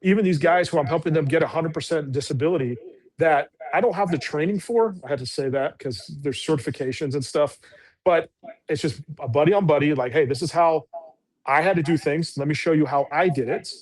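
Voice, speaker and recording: A man with a voice pitched a little above most men tells his story in a casual interview. He is a veteran guest who rambles earnestly and circles back with lots of fillers and restarts. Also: a little fast.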